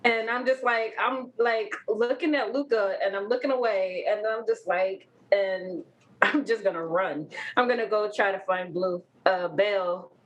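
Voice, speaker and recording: A woman's voice: medium pitch, measured pace, lo-fi sound. A woman player describing her character's actions, giggling and saying "like" often. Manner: giggly, full of "like" and "I'm just".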